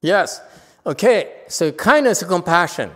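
Teaching his students in a hall with long reverb, a Chan master delivers a dharma talk that is stern but teasing, and he laughs at his own jokes. His high, slightly bright voice swings widely in pitch and moves a little slowly.

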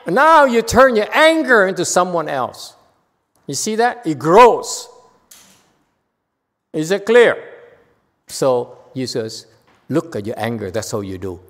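A man's voice: a little high, big pitch swings, takes it slowly, long pauses, a bit bright, big-room sound. A man giving a spiritual teaching to a congregation, playful and full of rhetorical questions and repeated phrases. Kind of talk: dharma talk to a congregation.

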